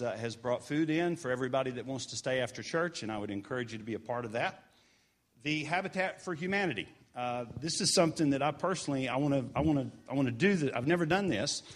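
A man's voice: medium pitch, expressive, brisk. A man giving casual church announcements during a service in a sanctuary, earnest and encouraging with chatty asides.

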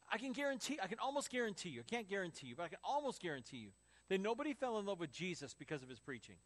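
A high-voiced male pastor preaching a sermon to his congregation. He tells lively personal stories and breaks into voices for the people in them. His delivery is conversational, with quick asides to the crowd. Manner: storytelling with acted quotes and laughs.

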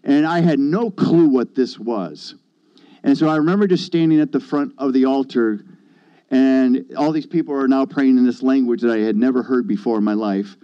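A man telling his conversion testimony with emphatic bursts and hushed asides. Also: medium pitch, moderate pace, clean tone, highs cut off. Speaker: guest sharing his testimony. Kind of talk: animated testimony.

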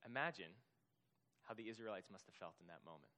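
A man's voice: on the low side, lively intonation, a little fast, pushed and bright. Earnest male preacher giving a sermon. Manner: earnest, repetitive emphasis, frequent fillers. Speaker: pastor.

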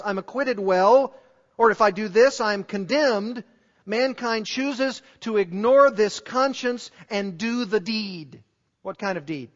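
A man preaching a sermon in an earnest, emphatic way, pressing his listeners with repeated rhetorical questions. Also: high voice. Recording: dull recording with long hall reverb.

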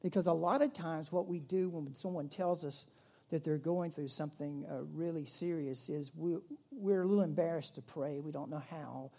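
A male pastor preaching a conversational sermon to his church, growing animated when he stresses a point. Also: a little high, normal speed. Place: church in Myrtle Beach.

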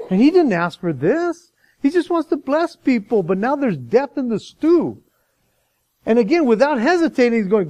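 A man preaching a sermon, reading scripture and then talking about it in a chatty, animated way, acting out little voices along the way. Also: high-pitched, dry recording, rough recording. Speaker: pastor.

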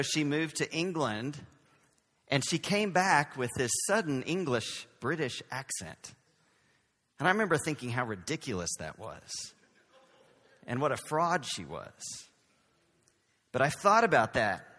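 A man's voice: fairly high pitch, very animated, a little slow, pauses often, fairly bright tone, in a large hall. A man from Texas with a light Southern accent, preaching a conversational sermon as pastor, with self-deprecating humor. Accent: Southern American.

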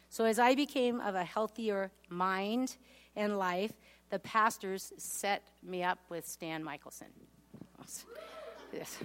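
A woman giving an earnest, heartfelt personal testimony in a sermon. She reads scripture aloud, and her voice drops low on painful memories.

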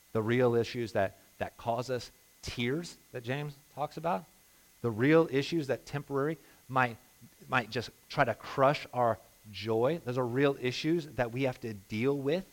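A man preaching a sermon as a pastor, impassioned, moving between hushed and emphatic delivery. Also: medium pitch, measured pace.

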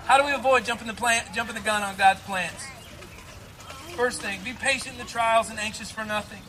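A man's voice: extremely high pitch, sharp tone, slight background noise. A man preaching a sermon outdoors at a church service, with an earnest, repetitive cadence, leading into a closing prayer. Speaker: pastor.

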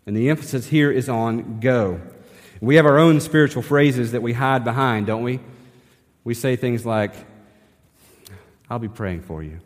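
Speaking at a moderate pace in a mid-range voice, a man delivers a sermon as pastor in a relaxed, conversational way, regularly asking the congregation rhetorical questions. Long reverb fills the church sanctuary recording.

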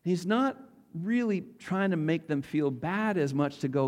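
A man's voice: fairly high pitch, lively intonation, unhurried, a little mellow. A man preaching a casual, conversational Bible teaching, asking his audience questions as he goes.

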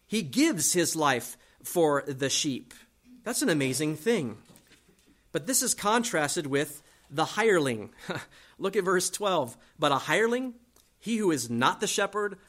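Lively preaching man, slightly high voice. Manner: animated, shifts between loud emphasis and soft asides; reads scripture aloud slowly. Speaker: pastor. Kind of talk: expository sermon.

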